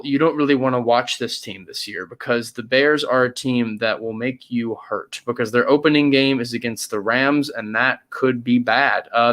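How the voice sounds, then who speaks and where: A young man co-hosting a casual sports podcast, hesitant and hedging, sometimes drawing words out and sometimes rushing. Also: medium pitch, a bit bright. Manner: hesitant, hedging, pace swings from drawn-out to quick. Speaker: podcast co-host.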